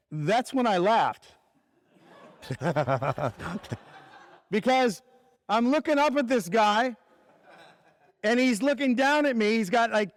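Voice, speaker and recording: A man speaking at a ministry conference, telling a personal story in a conversational sermon and dropping his voice low for the serious points. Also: no echo.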